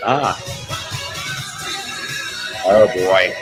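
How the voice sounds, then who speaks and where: A man in his late fifties hosts a relaxed livestream, wandering from one joke to the next and stopping to greet viewers by name. His voice sits at a middle pitch for a man. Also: moderate pace, over music. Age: 50s. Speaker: livestream host. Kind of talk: casual livestream chat.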